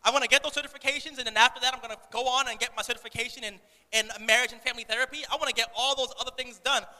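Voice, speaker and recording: Fast, excited young preacher man. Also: extremely high pitch. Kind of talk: sermon. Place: church sanctuary. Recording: echoey church hall.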